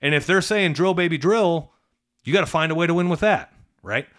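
A middle-aged man with a highish, expressive voice and a fairly bright tone speaks at a quick clip. He co-hosts a casual business podcast as a coach for the trades, talking emphatically and conversationally while capping his points with a rhetorical "right?"

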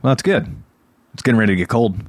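Lively-voiced male podcast host. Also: medium pitch, fast, dry recording. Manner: laughs often, joking banter. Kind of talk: casual chat.

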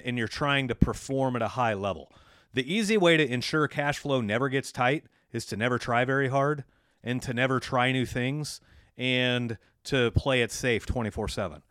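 A man's voice: medium pitch, fairly bright tone. A man co-hosting a casual business podcast, sounding dry and close with no room echo. He tells stories in a loose, conversational way. Then he shifts into plain coaching for business owners. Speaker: podcast co-host.

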